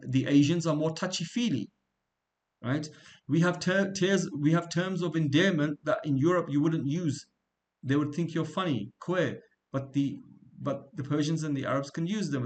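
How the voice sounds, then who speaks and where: A man from England teaching a small class in an informal, conversational way. He wanders into side stories and asks the room questions as he goes. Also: on the high side. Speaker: religious studies teacher.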